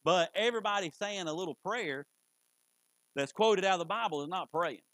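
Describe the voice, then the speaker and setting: A man preaching a sermon in a church in a folksy, conversational way, with sudden loud bursts. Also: high voice, normal speed, dry recording, low-quality recording. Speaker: pastor. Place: church sanctuary.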